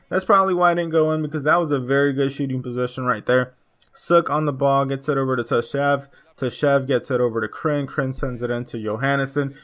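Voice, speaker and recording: A young man talks his viewers through a football video game match in a loose, chatty way. He gets excitable over the big moments and keeps calling his audience "boys." His voice sits at an ordinary middle pitch for a man. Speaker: gaming YouTuber. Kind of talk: gameplay commentary.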